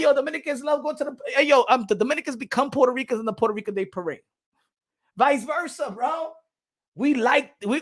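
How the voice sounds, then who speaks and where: A man hosting a boxing channel in casual vlog commentary, emphatic and repetitive, laughing between points. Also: high-pitched. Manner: animated, emphatic, repeats phrases often.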